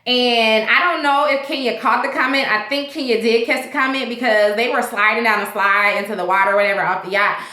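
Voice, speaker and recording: A woman's voice: fairly high pitch, steady tone, fairly quick, few pauses, bright, forceful tone, roomy sound. A woman hosting a casual vlog that recaps a TV episode, talking in a rambling, chatty way with lots of fillers. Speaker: TV show reviewer, vlog host.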